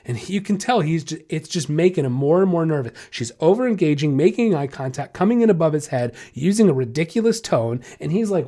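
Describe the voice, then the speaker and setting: Male podcast host, blunt and candid monologue, voice sits a bit high. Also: animated, fairly quick, hardly any pauses, dark tone. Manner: blunt, emphatic, frank storytelling. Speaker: podcast host and dog trainer.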